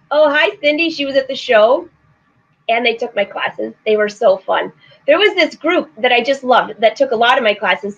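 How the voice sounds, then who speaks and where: High-pitched chatty lady hosting a sewing livestream, laughs a lot, kinda dull lo-fi audio. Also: a bit bright. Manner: chatty, laughing, reads viewer comments aloud. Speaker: sewing show host. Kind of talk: casual live-stream chat. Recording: slightly dull lo-fi stream audio.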